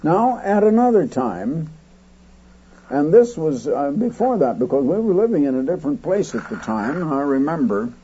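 A man preaching as he recounts a story, rambling with fillers and bursting loud when he quotes a shout. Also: fairly high pitch, big pitch swings, moderate pace, breathy edge, highs cut off. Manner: rambling anecdotal telling with fillers. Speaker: radio preacher. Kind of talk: storytelling sermon.

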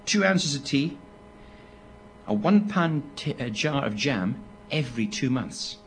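Animated older preacher. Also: male voice, medium pitch, a little slow, slight background noise. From Britain. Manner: animated storytelling with asides to listeners. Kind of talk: sermon to a live audience.

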